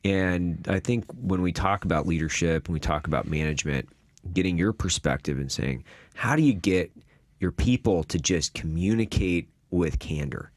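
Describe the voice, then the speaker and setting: A man's voice: low-pitched, normal speed, dry recording, clean studio sound. A man hosting a podcast, asking questions and answering with short agreements. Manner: asks questions, brief agreeing replies. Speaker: podcast host. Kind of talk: casual conversation.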